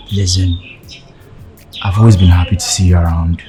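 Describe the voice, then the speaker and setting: An actor playing a young man who haltingly confesses his feelings. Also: low-pitched, little pitch movement, music in the background, rough recording. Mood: nervous. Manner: hesitant, halting, nervous.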